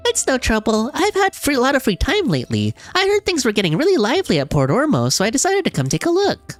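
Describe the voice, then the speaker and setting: Woman putting on a gentle, earnest young leader. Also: high voice, wildly swooping pitch, fast talker, faint music behind, voice pushed up.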